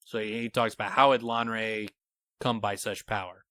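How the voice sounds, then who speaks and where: This man's lowish voice moves at a moderate clip, with no room sound behind it. Co-hosting a podcast, he chats casually and animatedly explains his theory about a fantasy book, pausing to read passages aloud.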